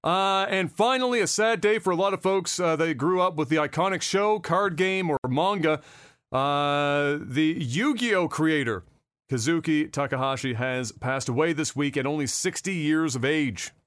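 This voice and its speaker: A talkative man hosts a casual podcast, his voice sitting a little high for a man. He rambles loosely from one topic to the next and swears without a second thought. The sound is close and dry, with no room around it. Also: moderate pace, fairly bright tone, no echo. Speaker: podcast host. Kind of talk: casual chat.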